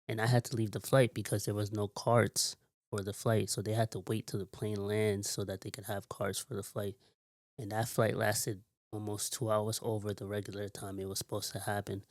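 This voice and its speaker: A man telling a long, rambling story in a casual vlog, repeating himself and filling pauses with "like". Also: on the low side, a little mellow, dry recording, studio quality. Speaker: vlogger.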